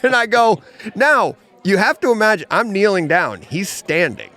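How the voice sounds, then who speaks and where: A man co-hosting a casual podcast chat in a comic book store, an animated storyteller who laughs at his own jokes. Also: sits high, normal speed. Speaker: podcast co-host.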